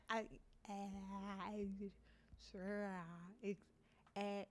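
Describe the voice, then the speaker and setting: A woman's voice: mid-range voice, level tone, drawn-out words, sharp tone. A young woman streaming live, chatting casually and reading game text aloud, swearing freely as she stumbles over words. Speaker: livestreamer.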